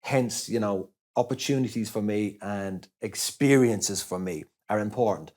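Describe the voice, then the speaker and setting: A man from Ireland with an Irish accent, a guest telling stories in casual chat, lively, with many restarts and self-corrections. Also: lowish voice, measured pace. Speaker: interview guest. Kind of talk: casual anecdotal storytelling.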